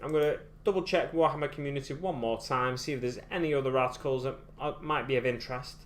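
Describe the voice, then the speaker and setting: A man's voice: medium pitch, fast, slight background noise. A British man chatting casually while live-streaming his miniature painting, thinking aloud in a rambling way with frequent restarts. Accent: British English. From United Kingdom.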